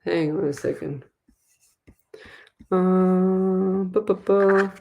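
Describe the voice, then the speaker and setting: A woman psychic medium from Australia hosts a live stream, reading viewer comments off her screen with excited exclamations and quick laughs. Her voice sits a little low for a woman. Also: gravelly, muffled recording.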